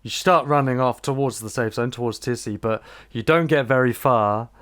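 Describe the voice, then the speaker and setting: Laid-back guy host running a survival role-play, mid pitch. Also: moderate pace, fairly bright tone. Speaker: podcast host running the scenario. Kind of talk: narrating a role-play scenario.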